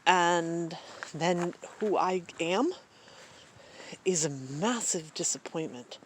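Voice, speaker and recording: A middle-aged vlogger from Maine, USA, talks outdoors in the woods in a reflective, hesitant monologue full of ums and restarts. Her lowish voice moves slowly, with a little hiss or hum in the audio.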